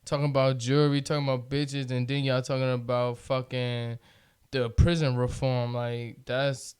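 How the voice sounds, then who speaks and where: A man's voice: mid-range voice, flat delivery, normal speed, darkish tone, smooth. A man co-hosting a podcast, chatting casually with lots of slang and swearing. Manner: profane, laid-back slang. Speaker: podcast host. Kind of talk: casual chat.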